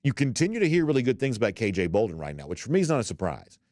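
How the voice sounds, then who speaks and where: A man's voice: mid-range voice, sing-song, rapid-fire, a little mellow, dry recording, clean studio sound. A man hosting a sports talk show, chatting loosely with many fillers and restarts as he reads out listener comments. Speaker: podcast host.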